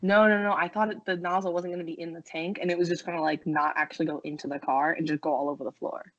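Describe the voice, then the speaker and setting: A young woman from New Jersey, co-hosting a casual podcast chat, excitable and quick to defend herself. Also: lowish voice, dry recording, dull audio. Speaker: podcast co-host.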